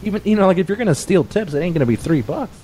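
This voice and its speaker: A man's voice: sits high, lively intonation, dark tone, slight background noise. A man in casual chat, bluntly complaining about bad tippers with plenty of swearing. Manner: blunt, fast, profane complaining. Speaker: pizza delivery driver.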